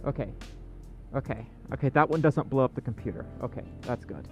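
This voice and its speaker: A male livestream host chatting casually with viewers, excitable and self-deprecating. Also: mid-range voice, a little fast, dull audio, soft background music.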